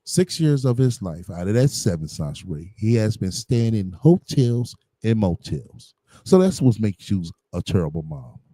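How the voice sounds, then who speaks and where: Low, dark-voiced man ranting on a stream. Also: sing-song, moderate pace, no room sound. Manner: blunt, combative, heavy on slang and "you know what I'm saying". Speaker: livestream commentator. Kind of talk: profane livestream commentary.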